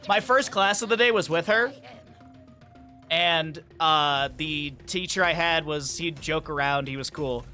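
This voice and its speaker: A high, bright man's voice rambles through profane stories while playing a game on stream. He breaks off to greet chat and comment on the match. Faint music plays underneath. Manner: rambling, profane storytelling with quick asides to chat. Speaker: gaming streamer.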